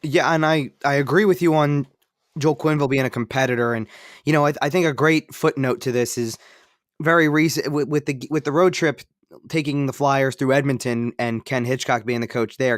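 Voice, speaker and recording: A man co-hosting a sports podcast, talking at a mid pitch in a loose, rambling way. He circles back on his phrases and leans on filler words. His voice sits dry and close to the mic. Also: dry recording. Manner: rambling, repeats phrases, many "you know" fillers. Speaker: podcast co-host. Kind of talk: casual sports talk.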